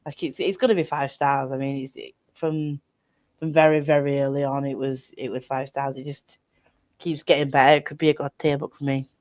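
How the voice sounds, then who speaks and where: A woman's voice: a bass voice, little pitch movement, brisk, a little mellow, dry recording. A young woman chatting with friends on a video call, rambling and restarting, swearing when she rants. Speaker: guest on a book stream. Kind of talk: casual chat with friends.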